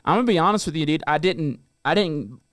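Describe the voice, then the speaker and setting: A man's voice: on the high side, lively intonation, fast, a bit bright, dry recording. A man in casual podcast chat in a studio, blunt and cursing freely as he tells stories. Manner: blunt, swears freely, storytelling.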